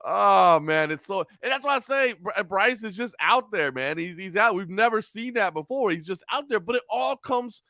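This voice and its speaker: A man co-hosting a casual sports talk show, animated and often repeating words as he gathers his thoughts. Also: sits high, moderate pace, few pauses, dry recording, clean studio sound. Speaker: co-host, sports commentator.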